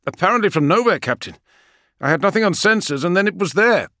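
A man's voice: sits high, lively intonation, fast, sharp tone, no echo, studio quality, pitched above the performer's own voice. A man voicing an anxious starship pilot in an audiobook, giving urgent, clipped reports.

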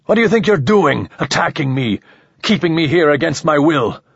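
A man's voice: on the low side, animated, breathy edge, dry recording. A man voicing a furious, stubborn man who swears and fires off angry questions. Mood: raging. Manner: shouting crude, rapid angry questions. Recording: slightly dull, dry audio.

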